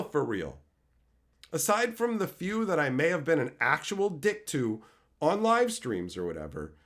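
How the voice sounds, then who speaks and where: A man streaming, telling stories in a brash, snarky, profane way, from Canada. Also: a little high. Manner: profane, animated storytelling. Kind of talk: casual stream chat.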